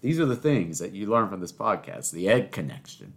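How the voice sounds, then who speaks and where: A man hosts a solo podcast in a fairly low voice. He rambles through stories and talks back to himself in the second person. His speech is full of stammered restarts. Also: sing-song, brisk, gravelly, fairly bright tone. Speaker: podcast host.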